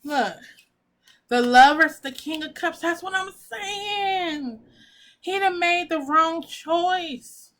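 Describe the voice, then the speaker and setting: A woman's voice: very high-pitched, slow pace, a bit bright. A woman giving a pick-a-pile tarot reading, talking casually and emotionally, gushing and swearing as she reads the cards. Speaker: tarot reader.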